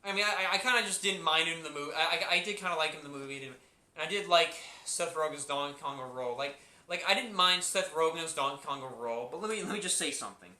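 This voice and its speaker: A man talks through a movie review in a loose, rambling way, circling back to the same points and restarting his sentences. His voice is strikingly bright and a little high. The room around him adds a clear echo. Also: fast talker. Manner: rambling, repeats himself, many restarts and fillers. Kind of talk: casual spoken review.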